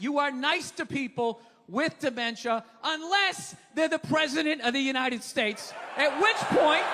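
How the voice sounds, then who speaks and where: A sarcastic male stand-up comic rants and shouts in a very high, strained voice. He swears freely as he works the room. A lively audience and steady noise surround him on a live stage recording. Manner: ranting, sarcastic, profane, often shouting. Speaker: stand-up comedian. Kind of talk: stand-up comedy set. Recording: live show with crowd and noise.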